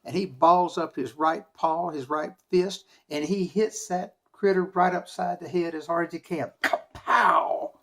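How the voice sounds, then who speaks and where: Male storyteller, lively and dramatic, gravelly voice sitting a bit high. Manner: lively, dramatic, with shouted sound effects and slow hushed stretches. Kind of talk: folk tale storytelling for children.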